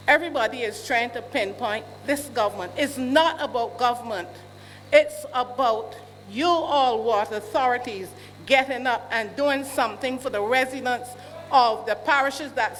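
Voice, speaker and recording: A woman in her sixties with a Barbadian accent, speaking up indignantly as a resident at a town hall meeting, often asking questions aloud. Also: a little high. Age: 60s. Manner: indignant, repeats questions, rising to shouts. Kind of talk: public complaint at a meeting. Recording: hall reverb, faint hum.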